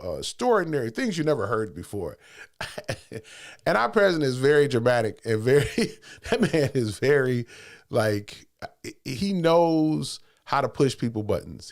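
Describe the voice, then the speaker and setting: A man talks straight to his followers in a motivational monologue. He circles back to the same points and trips over restarts. His pitch swings widely from low to high as he presses each idea. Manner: preachy, repetitive, building emphasis with stammered restarts. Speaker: channel host.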